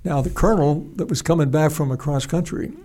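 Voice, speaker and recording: A man's voice: a little high, mellow. Older man telling a rambling story. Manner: halting, rambling, frequent restarts and salty language. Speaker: retired pilot telling a war story. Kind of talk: casual spoken storytelling.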